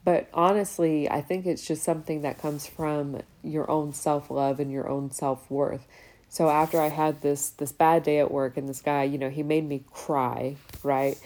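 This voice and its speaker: Low, mellow-voiced woman talking candidly. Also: little pitch movement, normal speed. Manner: candid and talkative, swears freely. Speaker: podcast host. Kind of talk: casual reflective monologue.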